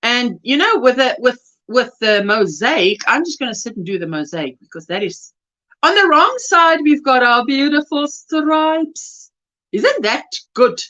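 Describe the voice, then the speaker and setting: A woman's voice: a little high, lively intonation, a little slow, dull audio. A South African woman hosting a crochet livestream, casually greeting viewers and reading their chat messages aloud. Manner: warm greetings, reads chat messages aloud, laughs often.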